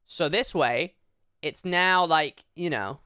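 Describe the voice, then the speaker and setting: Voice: medium pitch, slow pace, bright, forceful tone, smooth, no room sound, clean studio sound. A livestreamer chatting casually at a home desk, rambling with lots of fillers and casual swearing. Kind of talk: casual live-stream chat.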